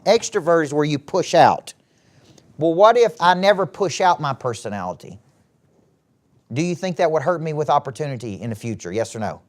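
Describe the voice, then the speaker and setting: A middle-aged man with a Southern US accent giving a live motivational talk to young people, animated and often asking the audience questions. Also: fairly high pitch, brisk. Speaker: motivational speaker and former coach. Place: event hall with a live audience.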